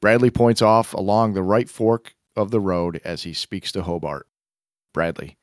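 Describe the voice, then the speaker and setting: A man's voice: on the low side, normal speed, dry recording, studio quality. A man co-hosting a film podcast in casual chat, laughing often and poking fun at himself while he reads from a screenplay. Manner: chuckling, self-deprecating, reads script aloud. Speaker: podcast co-host.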